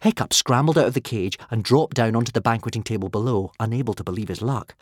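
A man narrating an audiobook with expressive, lively storytelling and many character voices. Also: on the low side, quick pace, breathy edge, no room sound, studio quality.

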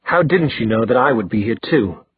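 A man voicing a menacing young male villain who speaks in a quiet, low, taunting voice. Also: animated, a little fast, slightly rough, no echo. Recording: dry tinny phone-like sound.

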